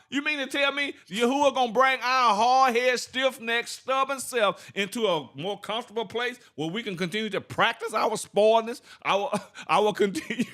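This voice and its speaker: High-pitched guy with teaching bible, lots of "y'all see that?" and laughing. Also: pushed and bright. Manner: preachy, rhetorical questions, laughs, reads verses slowly. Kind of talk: informal scripture teaching to an online audience.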